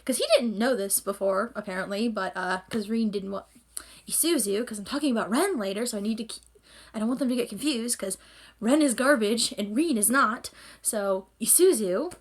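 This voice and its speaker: A woman giving an excitable, rambling, swear-filled casual recap of an anime episode as a reviewer. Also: fairly high pitch, normal speed.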